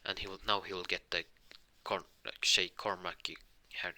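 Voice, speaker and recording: A man's voice: deep voice, little pitch movement, normal speed, pushed and bright, no echo. A man improvising a fan-made story, rambling with frequent restarts and fillers. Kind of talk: improvised fan-fiction retelling.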